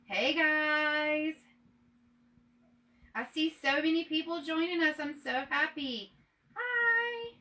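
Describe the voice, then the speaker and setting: Bright, chatty woman hosting a livestream. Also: high-pitched, slow, long pauses. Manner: chatty, upbeat and self-deprecating. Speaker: livestream host. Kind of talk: casual live stream chat.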